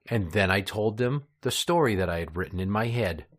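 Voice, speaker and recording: A man hosting a mock children's show, gruff and deadpan with blunt profanity, reading out his own storybook. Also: fairly low pitch, fairly quick. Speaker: podcast host.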